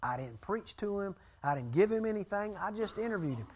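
A man's voice: high-pitched, expressive, brisk, breathy edge. An older man preaching to a group, telling a long story in a folksy, conversational way. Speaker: preacher and church consultant. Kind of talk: sermon-style teaching with storytelling.

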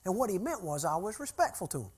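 A man's voice: high-pitched, very animated, fast, a little mellow, breathy edge. An older man preaching to a group, telling a long story in a folksy, conversational way. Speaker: preacher and church consultant. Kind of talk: sermon-style teaching with storytelling.

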